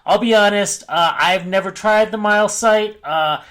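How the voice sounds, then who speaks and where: A man's voice: high-pitched, moderate pace, fairly bright tone. A man talking casually to his viewers in a rambling, off-the-cuff way, often correcting himself. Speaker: crypto mining YouTuber. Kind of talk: casual vlog talk.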